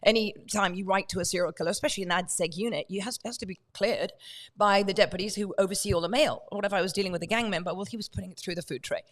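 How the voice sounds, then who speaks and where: Woman guest on a talk show, spinning a story, acts out the quotes, mid-pitched voice. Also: racing, a bit bright. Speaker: guest, true crime author.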